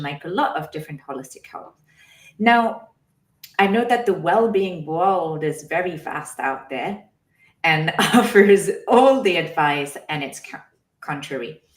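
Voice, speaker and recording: A woman's voice: low-pitched, reverberant. A woman hosting a podcast interview, thoughtful and searching for her words. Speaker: podcast host.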